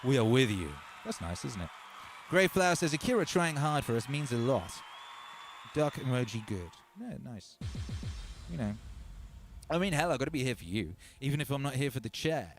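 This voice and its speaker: A man's voice: medium pitch, very animated, normal speed. A man hosting a loose, chatty livestream, with a voice that sits in the middle of the male range. He rambles, mocks himself, restarts his sentences and reads viewer comments aloud. Faint music plays behind him. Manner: rambling and self-mocking, with frequent fillers and restarts; talks straight to viewers as brothers and sisters. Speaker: livestream host and music producer.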